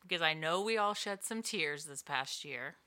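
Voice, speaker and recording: A woman's voice: low-pitched, animated, moderate pace, bright, forceful tone. A woman co-hosting a book podcast, teasing and laughing in casual chat. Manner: playful, teasing, laughs often. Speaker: podcast co-host.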